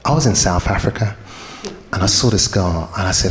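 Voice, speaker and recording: A man's voice: deep voice, a little fast. Man in his fifties doing stand-up. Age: 50s. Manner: animated storytelling with put-on voices. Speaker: stand-up comedian. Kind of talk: stand-up comedy set. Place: comedy club stage. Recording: echoey club room with crowd noise.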